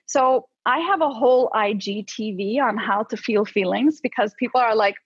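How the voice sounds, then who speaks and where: Husky-voiced woman psychologist coaching. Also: a little high, moderate pace, no room sound. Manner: lively and coaching, with casual "like" fillers. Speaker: psychologist guest. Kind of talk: conversational podcast advice. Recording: slightly dull, dry podcast audio.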